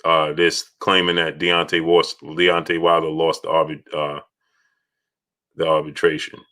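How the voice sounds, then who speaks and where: A low-voiced man runs a casual livestream chat, calling out names from the chat. His voice is bright and forceful and sits low. He repeats phrases as he goes. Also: completely flat delivery, measured pace. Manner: shouts out chat donors, repeats himself. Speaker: livestream host.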